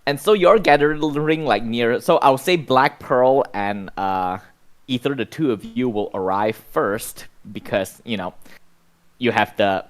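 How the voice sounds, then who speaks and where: A man's voice: mid-range voice, a little slow. Man running a tabletop game, rambling. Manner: rambling, many fillers. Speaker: game master.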